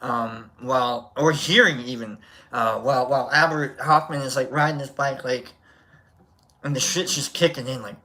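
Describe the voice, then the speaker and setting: A man's voice: mid-range voice, steady tone, moderate pace, bright, forceful tone. A man hosting a livestream who tells a rambling, casual story, swearing freely and restarting his sentences often. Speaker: livestream host.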